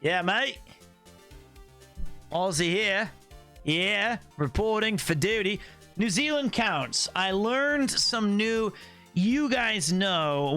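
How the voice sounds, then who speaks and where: A man streaming casual chat with his viewers in an animated, playful way, riffing on slang and trip stories and laughing at his own jokes. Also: high voice. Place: Tokyo, Japan.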